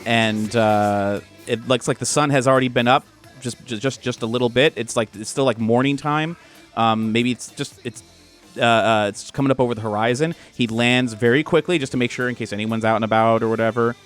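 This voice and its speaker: A man's voice: medium pitch, a little fast, soft background music. A man narrating as game master of a tabletop role-play, in a loose, filler-heavy way.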